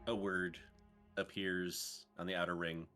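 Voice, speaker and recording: A man narrating a tabletop game as game master, in a playful, animated way. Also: deep voice, unhurried, faint music behind.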